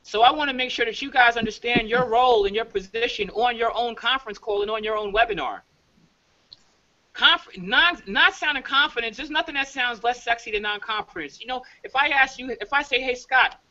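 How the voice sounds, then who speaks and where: Over a dull, lo-fi video call, a leadership coach from New York with a bright, high voice coaches his team. He speaks quickly and emphatically, checking in again and again with "all right?"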